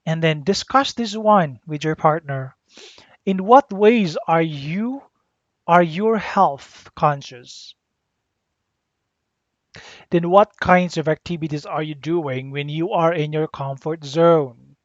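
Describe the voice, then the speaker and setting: A teacher giving a grammar lesson, deliberately spelling out letters and repeating the rules. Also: medium pitch, no echo. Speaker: English teacher. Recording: dull lo-fi dry recording.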